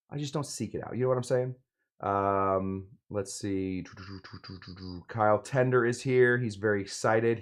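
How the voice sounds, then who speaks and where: A man in his forties, a bartender hosting a casual livestream, chatting with viewers in a lively way and stumbling over a tricky word. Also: medium pitch. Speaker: host and bartender. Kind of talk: casual livestream chat reading viewer comments.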